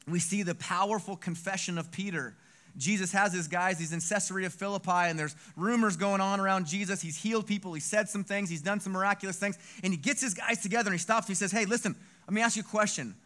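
Guy preaching, kinda high voice, bright and animated, acts out the quotes. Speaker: pastor. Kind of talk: sermon.

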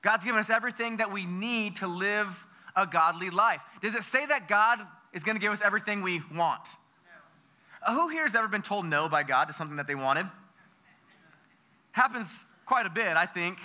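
This lively sermon comes from an American man whose high voice sounds sharp and intensely bright, at a moderate pace. He keeps asking the congregation questions in call-and-response fashion, often repeating himself and starting phrases over.

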